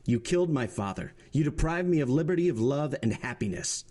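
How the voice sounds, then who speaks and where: A man voicing a cold, calm, vengeful nobleman in disguise in a storybook reading, speaking in a measured, solemn way. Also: mid-range voice, pitched above the performer's own voice, lightly acted. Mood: grave.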